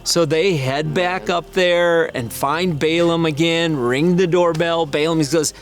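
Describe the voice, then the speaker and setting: A middle-aged man preaching to a congregation, animated and full of expression. He acts out the people in his story by pushing his voice higher. His voice sits a little high, and faint music plays behind him. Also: slow. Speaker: pastor. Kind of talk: sermon storytelling.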